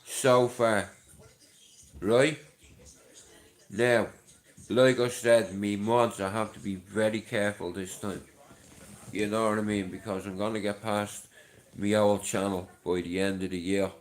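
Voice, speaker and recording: This middle-aged Dubliner talks at a measured pace in a fairly low voice with fairly even intonation, pausing often. Hosting a livestream, he chats loosely and rambles to his viewers, cursing freely, his voice chesty from a chest infection.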